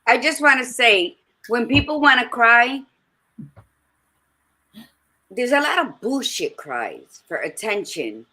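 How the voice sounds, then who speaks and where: A woman co-hosting a podcast, blunt and animated, telling stories in casual talk and swearing freely. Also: on the high side, slow pace, long pauses. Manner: blunt, animated storytelling with profanity. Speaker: podcast co-host. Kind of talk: casual conversational discussion.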